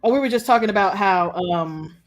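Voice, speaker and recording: A woman in casual chat, expressive and slangy, riffing on a TV show with co-hosts. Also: medium pitch, brisk, soft background music. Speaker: co-host of a TV episode discussion.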